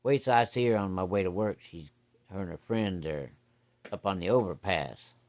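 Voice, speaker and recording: A man doing a timid young suitor who keeps saying yes sir. He sounds polite and hesitant, lifted a bit above a lowish voice. It comes across as a storyteller's light impression. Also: normal speed, a little mellow. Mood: deferential. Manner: deferential, hesitant.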